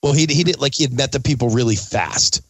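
A middle-aged man telling a story in casual chat, animated and swearing freely as he acts out quotes. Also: mid-range voice, fast talker, no room sound.

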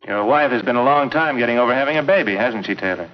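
An actor voicing a hard-nosed insurance investigator, pushy and needling, firing off his lines at a rapid clip. The audio is muffled and lo-fi, old radio broadcast quality. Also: mid-range voice, lightly acted. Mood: accusing. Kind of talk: 1950s radio drama acting. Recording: dull lo-fi 1950s recording.

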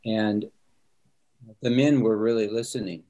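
A man's voice: on the low side, fairly even intonation, a little slow, warm tone, muffled recording. An older man, a pastor, talking earnestly and openly about feeling, with an easy laugh in a candid interview.

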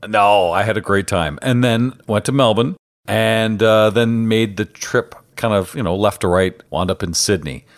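A man's voice: on the low side, normal speed. A man hosting a podcast, chatting casually with an upbeat, joking manner. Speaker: podcast host.

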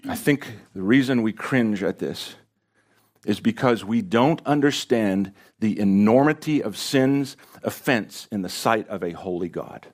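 An impassioned male pastor delivering a sermon in a church sanctuary. He speaks at a medium pitch and presses rhetorical questions on the congregation, swinging between quiet, earnest stretches and forceful emphasis. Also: expressive, moderate pace.

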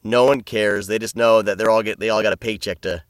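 A man's voice: lowish voice, fairly even intonation, a little fast, a crowd in the background. A man co-hosting a podcast in casual chat, rambling and often repeating his words. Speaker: podcast co-host.

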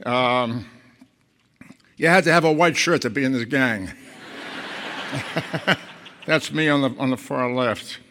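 An older man from Boston tells wry anecdotes to an audience in a relaxed way, often restarting his phrases. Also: mid-range voice, takes it slowly, pauses often. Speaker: guest speaker. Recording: echoey hall.

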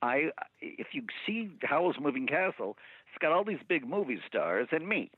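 Brief: male voice-actor guest, lively up-and-down delivery, dry tinny phone sound. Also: on the high side, moderate pace, breathy edge, no echo. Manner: animated storyteller, slips into impressions. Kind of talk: casual interview chat. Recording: thin phone-line sound.

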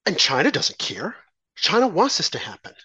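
A man with a fairly high voice gives an impassioned political commentary monologue as a talk show host. He fires off rhetorical questions and mocks the other side in quick asides. The sound is dry and close, with almost no room. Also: huge pitch swings, sharp tone, slightly rough, no room sound.

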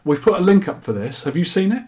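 A man's voice: high voice, sing-song, fast talker, a little mellow. A man hosting a podcast, chatting casually and reading out listener feedback with jokey asides. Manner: jokey, chatty, laughs at his own quips. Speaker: podcast host.

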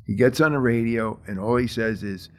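Middle-aged firefighter guy telling his fire story in an interview, steady and plain, lots of ums. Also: mid-range voice. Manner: plain, measured retelling with many fillers.

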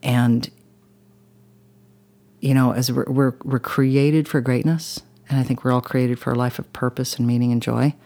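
This woman, a podcast guest, tells a personal story in a bass voice that is steady in tone and mellow, at a moderate pace. Earnest and rambling, she leans on "you know" often, and she becomes emotional and intense describing the crash.

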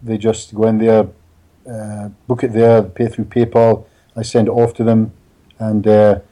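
Here the man, a hypnotherapist guest in a casual interview, speaks on the low side and unhurried. He remains an animated storyteller who laughs often and repeats his words.

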